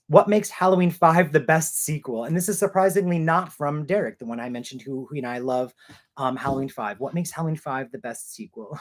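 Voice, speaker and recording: A man in his thirties hosting a live stream Q&A, chatty and rambling with a self-deprecating manner. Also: fairly high pitch. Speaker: channel host.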